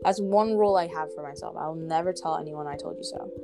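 Chatty teenage girl, low voice. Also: quick pace, over music. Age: teens. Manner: chatty, heavy use of "like", animated quoting. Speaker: co-host. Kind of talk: casual chat.

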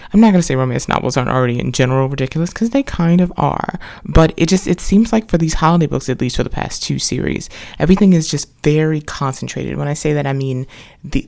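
Chatty woman with a gravelly fry. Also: low-pitched, darkish tone. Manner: chatty and rambling, with many restarts and wry asides. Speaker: podcast host reviewing books. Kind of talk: casual spoken book review.

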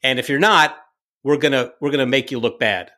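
A man telling stories from his directing days in a casual interview, lively, full of fillers and restarts. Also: mid-range voice, a little fast. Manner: animated anecdote-telling, acts out quoted lines; frequent fillers and self-restarts.

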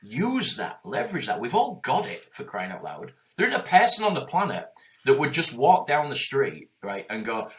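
A man's voice: medium pitch, wildly swooping pitch, normal speed, fairly bright tone. A man in his forties speaking in a passionate, emphatic and heavily profane conversational way as a guest. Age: 40s.

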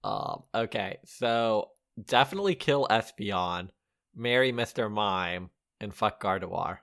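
A man's voice: fairly low pitch, expressive, a little slow, fairly bright tone. A man co-hosting a podcast, chatting casually with a joking, playful manner and frequent laughs. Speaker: podcast co-host. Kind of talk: casual comedic chat.

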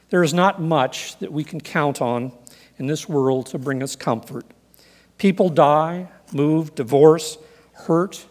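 A man preaching a sermon in an earnest, measured way, reading scripture and telling stories. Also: a little high, big-room sound. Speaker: pastor.

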